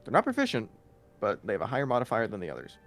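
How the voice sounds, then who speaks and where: A man running a tabletop game as game master, narrating casually with halting fillers. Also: on the low side, huge pitch swings, soft background music.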